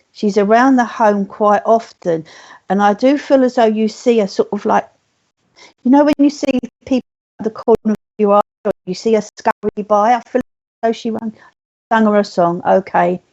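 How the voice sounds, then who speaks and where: A woman working as a spiritualist medium, gently passing on messages in a live online reading, speaking softly and slowly. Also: mid-range voice, muffled recording.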